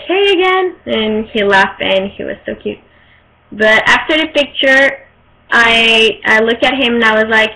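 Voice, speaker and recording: A young woman whose first language is French, telling a rambling, excited story in a casual vlog and often searching for her words. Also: on the high side. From Quebec, Canada. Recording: poor-quality home recording.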